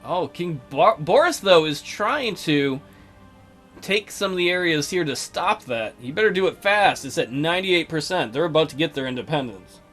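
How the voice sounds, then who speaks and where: A man's voice: a little high, animated, moderate pace, fairly bright tone, faint music behind. A man hosting a strategy game let's play with casual, crude, joking commentary.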